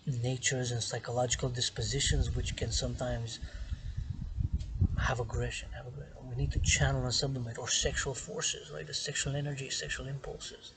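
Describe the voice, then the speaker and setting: A man in a mid-range voice philosophizes outdoors, looping back over the same phrases again and again. He leans hard on some words and drops to a hush on others. Steady outdoor noise runs clearly under him. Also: mid-range voice, normal speed. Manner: repetitive and emphatic, swinging between loud stresses and hushed whispers. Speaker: vlogger philosophizing to camera. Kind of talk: rambling monologue. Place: outdoors in the sun on an island.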